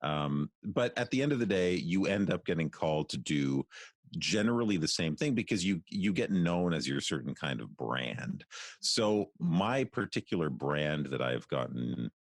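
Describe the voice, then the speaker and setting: A Canadian voice actor, a man, talking through his work in a relaxed, thoughtful interview with many restarts. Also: a bass voice, moderate pace, no echo, clean studio sound. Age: middle-aged. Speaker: voice actor guest.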